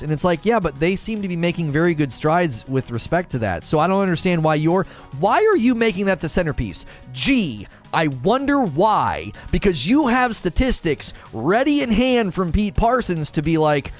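A man giving heated live-stream commentary, indignant and sarcastic, often mocking others in hushed put-on voices. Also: high-pitched, sing-song, normal speed, hardly any pauses, soft background music. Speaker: streamer commenting on industry news.

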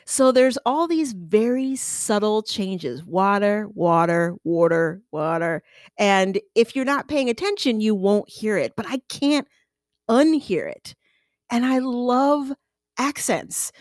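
A woman's voice: on the high side, expressive, slow, a little mellow, no room sound, studio quality. A woman from the United States hosting a casual solo podcast, chatty and playful, who slips into accent impressions as she talks.

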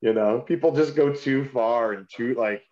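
A man's voice: mid-range voice, moderate pace, a little mellow. Laid-back man on a dull-sounding mic. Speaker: podcast co-host. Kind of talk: casual chat.

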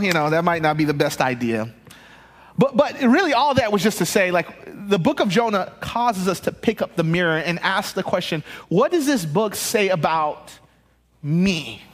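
High-voiced animated male pastor. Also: in a large hall. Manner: animated, acts out the voices in the scripture reading. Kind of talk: sermon. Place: church stage.

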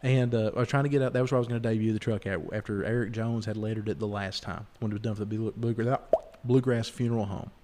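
A man's voice: lowish voice, fairly even intonation, fast, few pauses, a little mellow. A man hosting a podcast, rambling through stories and mimicking the people in them. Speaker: podcast host. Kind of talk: casual storytelling chat.

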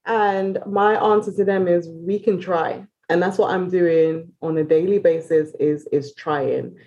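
A woman's voice: lowish voice, fairly even intonation, dark tone, muffled recording. Candid British woman guest. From Britain. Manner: open, quick-talking, often restarting phrases. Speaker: podcast guest. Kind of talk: candid casual chat.

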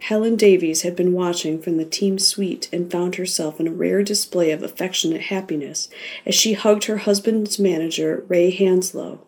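A woman narrating an audiobook in a measured, expressive reading. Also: on the low side.

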